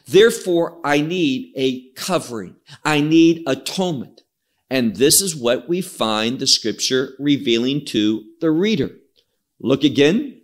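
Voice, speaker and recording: A man's voice: mid-range voice, expressive, measured pace. A man teaching through a scripture passage in an expository sermon, explaining words emphatically. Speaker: Bible teacher.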